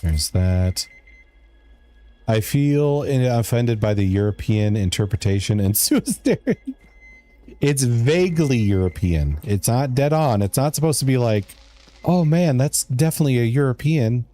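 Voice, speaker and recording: A man's voice: medium pitch, expressive, unhurried, warm tone. A man streaming a video game live, chatting casually and joking in a rambling way as he answers his chat.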